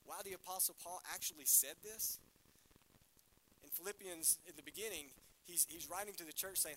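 A man preaches a sermon, his voice bright and forceful and sitting a little high. He keeps asking the congregation questions. Faint room sound hangs behind him. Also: moderate pace, a little hiss or hum, rough recording. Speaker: pastor. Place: church hall.

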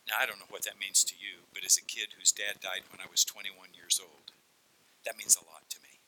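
A middle-aged man preaching a sermon, telling stories animatedly and dropping to hushed whispers. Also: low-pitched, little pitch movement, fairly quick, a little hiss or hum, poor audio. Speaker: pastor.

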